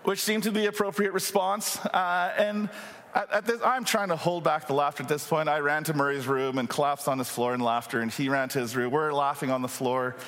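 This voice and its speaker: A man in his forties preaching, telling a funny story in an animated, self-mocking way with many fillers. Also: on the high side, fairly quick, big-room sound. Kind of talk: storytelling sermon.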